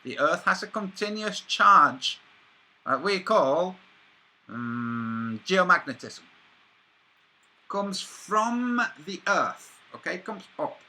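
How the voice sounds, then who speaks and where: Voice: medium pitch, sing-song, slow pace, sharp tone. A speaker, rambling through a speculative monologue with frequent restarts and asides.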